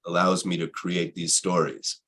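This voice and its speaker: Low, husky man in reflective talk; repeats himself, asks rhetorical questions. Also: flat delivery, moderate pace, fairly bright tone. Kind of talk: reflective spiritual conversation.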